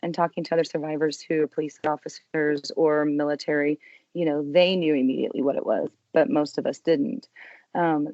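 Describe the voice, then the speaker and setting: Young adult woman, low voice, earnest guest recounting her ordeal, dry muffled recording. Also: no echo. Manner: earnest, emotional retelling with quiet hushed quotes. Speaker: podcast guest. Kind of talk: personal testimony in an interview.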